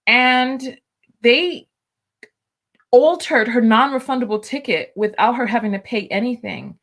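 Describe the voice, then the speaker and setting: A woman's voice: on the high side, moderate pace, a bit bright. A woman hosting a casual livestream, chatting and laughing as she talks straight to her viewers and reads their comments aloud. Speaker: host.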